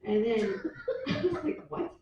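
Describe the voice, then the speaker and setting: A woman's voice: medium pitch, moderate pace, warm tone, a little hiss or hum. A woman in her forties doing a loose, chatty stand-up set at an open mic, laughing at her own jokes. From New York City. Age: 40s. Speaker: stand-up comic. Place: small hotel open mic room. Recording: far-off dull echoey mic with ambience.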